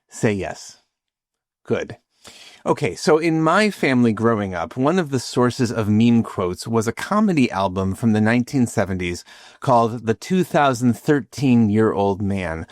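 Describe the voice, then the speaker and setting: Measured, reflective male podcast host. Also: mid-range voice, no room sound, studio quality. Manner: reflective, measured, lightly humorous. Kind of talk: scripted podcast narration.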